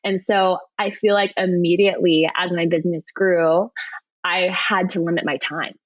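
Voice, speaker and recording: A woman in her thirties talks through her work story as a podcast guest, animated and quick to laugh. Her voice sits low for a woman. The sound is dry and a little dull. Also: dry recording. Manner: animated, laughs often, frequent restarts. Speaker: podcast guest, web designer. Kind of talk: conversational storytelling.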